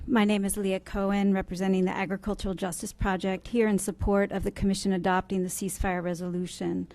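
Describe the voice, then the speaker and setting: Woman reading a measured public comment. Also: mid-range voice, mellow.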